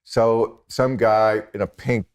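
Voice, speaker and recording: A man's voice: lowish voice, steady tone, slow, clean tone. A man in his sixties, a podcast guest, telling stories in a sardonic, mocking way during casual chat. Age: 60s. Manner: sardonic storyteller, slips into mocking voices.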